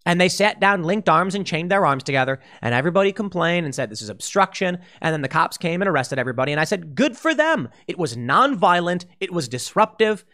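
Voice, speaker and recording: A man's voice: a little high, fast talker, hardly any pauses. A man giving opinion commentary, talking emphatically and acting out quoted remarks in a raised voice. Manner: animated, emphatic, with restarts and quoted asides. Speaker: political commentator.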